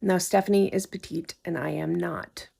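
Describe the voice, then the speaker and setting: A woman's voice: fairly low pitch, steady tone, moderate pace, gravelly, mellow, husky. A woman casually telling a personal story in a wry, conversational way. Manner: wry, conversational, acts out quotes.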